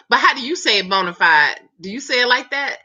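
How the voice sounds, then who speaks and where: A woman's voice: fairly high pitch, bright, forceful tone, husky. A woman who does hair, hosting a casual live chat and talking straight to her viewers with a chatty, laughing manner. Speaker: live chat host, hairstylist. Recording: dull lo-fi stream audio.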